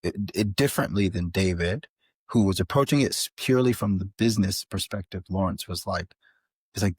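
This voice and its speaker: A man, a podcast guest, telling an animated story in a casual interview, with frequent restarts. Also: low-pitched, brisk, slightly rough, dry recording. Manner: animated, many restarts and fillers. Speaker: podcast guest, author and filmmaker.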